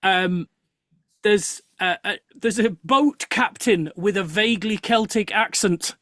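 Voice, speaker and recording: During casual chat on a live show, a host tells a story with animated energy, breaking off and restarting sentences. His middling-pitched voice comes slowly, captured dry and close with no room sound.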